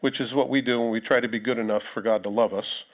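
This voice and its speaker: A pastor, preaching a sermon in a conversational way, with joking asides to the congregation. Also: male voice, mid-range voice, steady tone, quick pace. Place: church sanctuary.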